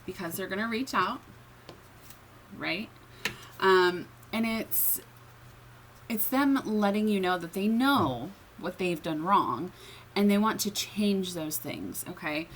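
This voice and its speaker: A woman's voice: mid-range voice, animated, slow, pauses often, a bit bright, slight background noise, poor audio. A woman giving a casual tarot reading in a chatty, filler-heavy way, often checking in with the listener. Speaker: tarot reader.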